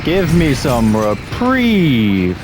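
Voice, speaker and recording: A man's voice: mid-range voice, wildly swooping pitch, drawn-out words, noisy background. Exasperated man ranting at a game. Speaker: gaming streamer. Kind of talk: frustrated let's-play commentary.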